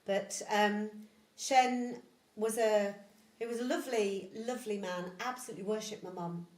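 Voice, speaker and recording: An older woman, a folk singer, softly introducing a song at a home concert with unhurried storytelling and fillers. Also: medium pitch, steady tone. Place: home lounge. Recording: roomy echo with music.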